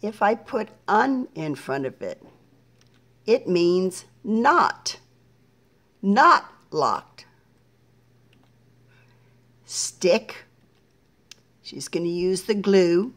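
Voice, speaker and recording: A middle-aged woman teaching a patient, slow phonics lesson to young children, splitting each word into syllables. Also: on the low side, animated.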